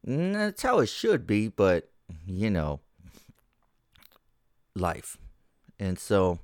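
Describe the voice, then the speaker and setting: A man's voice: lowish voice, wildly swooping pitch, very slow, no room sound, studio quality. A man hosting a casual solo podcast from home, ranting with lots of swearing and working himself up as he talks. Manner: profane, ranting, gets heated. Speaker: podcast host.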